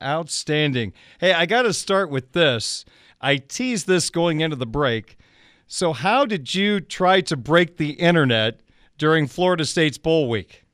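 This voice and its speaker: A man hosting a sports radio show, reading off scores and plugs in a brisk broadcast delivery. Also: on the high side, animated, a bit bright, clean tone, no room sound, studio quality.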